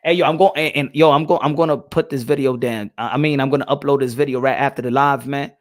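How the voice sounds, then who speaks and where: A young adult man hosting a casual boxing live stream, slangy and animated, switching between English and Spanish. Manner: animated, with quick jumps to high excited bursts. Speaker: boxing channel host.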